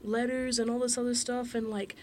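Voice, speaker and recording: A woman's voice: on the high side, level tone, fairly quick, slight background noise. A young woman co-hosting a podcast, chatting casually and telling a history story with lots of "like" and acted-out quotes. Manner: chatty storyteller, acts out quotes, many fillers. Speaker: podcast co-host. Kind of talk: casual chat.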